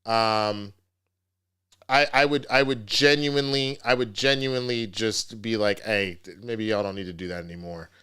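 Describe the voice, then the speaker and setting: A man's voice: fairly low pitch, normal speed, bright, forceful tone, clean tone. A man hosting a casual commentary vlog, ranting in a profane, rambling, slangy way. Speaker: host.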